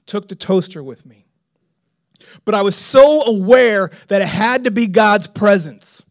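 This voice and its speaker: A middle-aged man preaches in a high, bright voice. He tells his story with animated energy and breaks into loud, excited exclamations. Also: unhurried. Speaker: pastor. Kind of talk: sermon storytelling.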